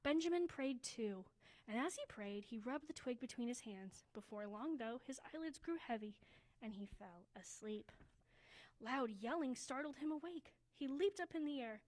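A woman reading a children's story aloud at a church service, slowing down for emphasis and dropping to a hush. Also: sits high, rough recording. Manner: expressive, slows down for emphasis, drops to a hushed voice.

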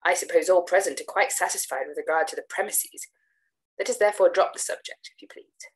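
A woman voicing a sly gentleman's double who speaks in a hushed, smooth, placating way. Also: lowish voice, a little fast, lightly acted, rough recording. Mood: soothing. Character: sly calm male double, soft and soothing.

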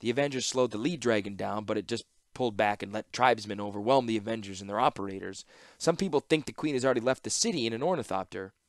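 A man's voice: lowish voice, quick pace, no echo, studio quality, lightly acted. A man voicing a nervous male court steward who stammers anxiously in an audiobook-style fantasy reading.

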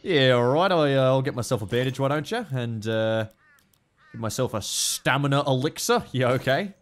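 A young Australian man giving excitable, foul-mouthed let's play commentary. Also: medium pitch, moderate pace. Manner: excitable, swears a lot, laughs often. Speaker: gaming YouTuber.

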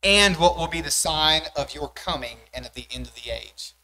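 Animated young preacher man, emphatic. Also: on the high side, normal speed, rough recording. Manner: animated, rising emphatic delivery with rhetorical questions. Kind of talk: sermon. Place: church sanctuary.

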